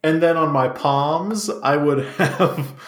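A man's voice: on the high side, slow pace. Playful male podcast host in echoey room. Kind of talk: casual comedic banter.

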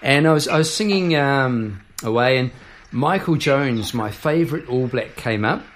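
A man's voice: mid-range voice, animated, normal speed, a little hiss or hum. A jovial, chatty man hosting a casual video chat, laughing easily. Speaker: host. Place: Melbourne.

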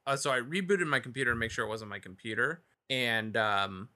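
Bright-voiced man chatting casually. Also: medium pitch, brisk. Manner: loose, easygoing, trailing off. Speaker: podcast co-host. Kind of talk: casual chat on a call. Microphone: computer call microphone.

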